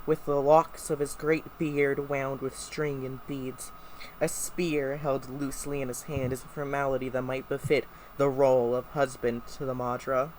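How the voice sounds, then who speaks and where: A co-reader narrating a novel aloud in a steady, even way. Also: medium pitch, slight background noise, rough recording. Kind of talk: live read-aloud of a novel.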